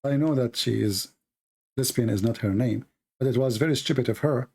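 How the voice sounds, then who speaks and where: A man whose first language is Arabic tells stories and argues in broken English, animated and laughing. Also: medium pitch, moderate pace, creaky, breathy edge. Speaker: host. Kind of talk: casual storytelling and polemic.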